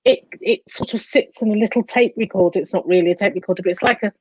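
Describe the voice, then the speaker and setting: A woman being interviewed as a coach and psychotherapist, explaining in an animated way and acting out the inner voices she describes. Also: medium pitch, quick pace, slightly rough, no room sound, muffled recording.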